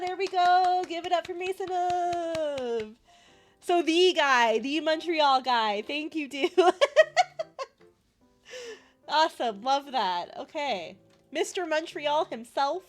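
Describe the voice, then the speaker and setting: A woman's voice: high-pitched, fairly bright tone. A woman streamer chatting casually, breaking into frequent giggles as she talks. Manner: giggly, laughs often, chatty. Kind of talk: casual chat.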